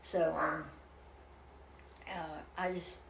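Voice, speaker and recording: A woman's voice: low-pitched, level tone, extremely slow, gravelly, noisy background. An older woman speaking as an interview guest, telling a personal story in an earnest, rambling way with many restarts. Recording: roomy echo.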